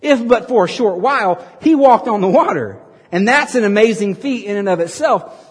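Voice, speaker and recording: A man preaching a sermon as a pastor, playfully narrating a scripture skit and bursting into loud dramatic reading. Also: high voice, expressive, moderate pace, breathy edge, long reverb tail. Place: large hall with audience.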